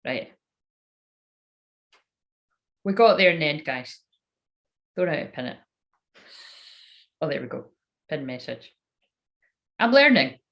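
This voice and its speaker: A woman with a lowish voice chatting casually on a live stream as a psychic reader. She talks in a loose, self-mocking way, drops swear words freely, and slips into quiet muttering and whispers to herself between remarks. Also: very animated, moderate pace, pauses often. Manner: mutters and whispers to herself while fiddling with the phone.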